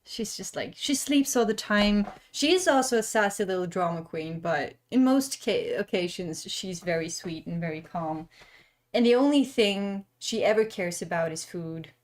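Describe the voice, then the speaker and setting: Young woman, art-stream host, soft and chatty, laughs easily, talks to viewers while painting. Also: mid-range voice, lively intonation, normal speed. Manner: chatty and gentle, laughs often, reads chat aloud. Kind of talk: casual livestream chat while painting.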